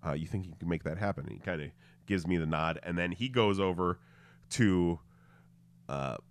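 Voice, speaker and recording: A man's voice: low voice, moderate pace. A man hosting a podcast, telling a story in a casual chat, acting out the voices and laughing often. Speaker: podcast host.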